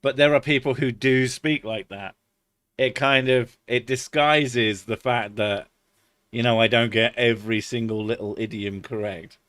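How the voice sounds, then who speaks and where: A man's voice: mid-range voice, fairly even intonation, unhurried, fairly bright tone, no room sound. Swearing British man on a dry mic. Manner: swears freely and laughs often. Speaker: streamer. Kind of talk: casual stream chat.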